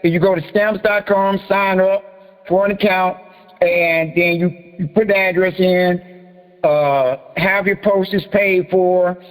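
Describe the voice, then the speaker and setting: A man with a high voice hosts a private group talk, cracking crude jokes and laughing before reading a document line by line. His voice rings with a long reverb. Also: steady tone, normal speed. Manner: joking, profane and laughing, then reading out a form letter. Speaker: host of a private group meeting. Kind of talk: casual teaching talk.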